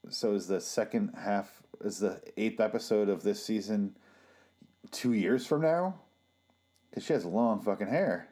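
A man's voice: fairly low pitch, normal speed, hardly any pauses, mellow. A man giving casual, sarcastic and profane watch-along commentary on a TV show.

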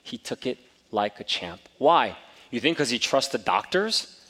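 A middle-aged pastor preaching a sermon, telling a personal story and building to emphatic exhortation. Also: male voice, mid-range voice, sing-song, unhurried, pushed and bright. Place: church sanctuary. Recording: long reverb of a church hall.

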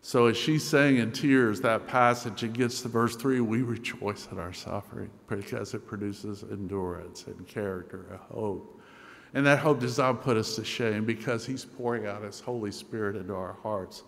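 A man preaching a sermon as the pastor, telling a story earnestly and dropping to a hushed voice at tender moments. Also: lowish voice, moderate pace, creaky, long reverb tail.

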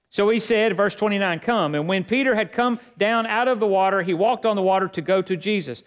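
A man's voice: high-pitched, fairly quick, few pauses. A man preaching a sermon as pastor, reading scripture aloud and building emphasis.

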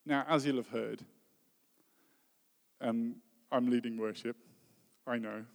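A man, a worship leader giving an earnest, heartfelt sermon that often drops to a soft voice. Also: medium pitch, fairly even intonation, slow pace, gravelly. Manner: earnest, heartfelt preaching with soft dropping phrases. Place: church hall. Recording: long reverb of a hall.

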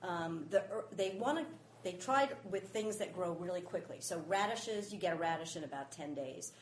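A woman explaining space gardening experiments in casual chat, with frequent pauses and fillers. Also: fairly low pitch, slight background noise. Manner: explains with many "um"s, steady. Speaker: guest, space horticulture speaker. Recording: echoey room.

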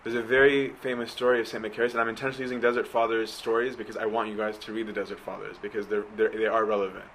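Heller, gesprächiger Prediger. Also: male voice, fairly low pitch, level tone, very fast, hardly any pauses, fairly bright tone, slight background noise, poor audio. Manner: conversational, keeps asking right?. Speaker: preacher. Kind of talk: sermon.

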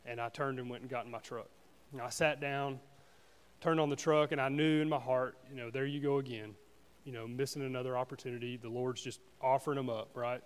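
A man giving a personal testimony at a church service, speaking earnestly and haltingly with frequent restarts. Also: medium pitch, steady tone, clean tone, long reverb tail. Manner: earnest, halting, with many restarts and "you know"s.

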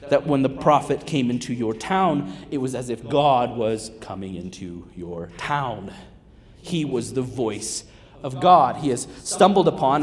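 Animated preaching man in a reverberant hall. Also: mid-range voice. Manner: animated, conversational preaching with big swings from loud to hushed. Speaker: guest pastor. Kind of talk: sermon. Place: church sanctuary. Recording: long reverb of a large hall.

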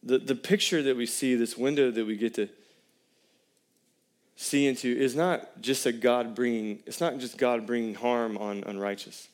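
A man's voice: mid-range voice, steady tone, moderate pace. A man, a pastor preaching a sermon in a conversational way and putting questions to the congregation.

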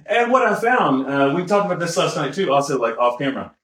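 A man's voice: a little high, expressive, moderate pace, a bit bright. A man co-hosting a podcast in casual chat, rambling and correcting himself with lots of fillers and chuckles. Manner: chuckles while talking. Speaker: podcast co-host. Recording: roomy echo.

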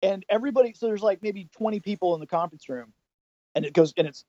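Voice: mid-range voice, fast talker, warm tone, dry recording. A middle-aged podcast co-host telling rambling anecdotes in casual chat, with plenty of restarts. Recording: dull lo-fi dry sound.

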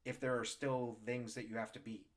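Brief: man hosting a podcast, calm and measured, medium pitch. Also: a crowd in the background. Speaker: podcast host. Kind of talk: casual interview.

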